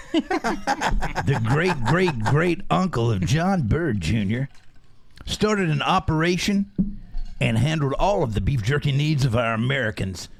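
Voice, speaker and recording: A gravelly, drawling cowboy storyteller, as a man puts on the voice for a joke history reading. His pitch sits a little high and swings widely as he hams up each line. The delivery is folksy and mock-solemn. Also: big pitch swings, slow, pauses often, exaggerated voice.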